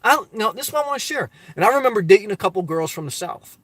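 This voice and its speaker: Man, middle-aged, from the US Northeast, casual live-stream chat, upbeat and preachy, fairly high voice, dry close mic. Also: animated, racing, a bit bright, dry recording. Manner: upbeat, preachy, talks straight to viewers.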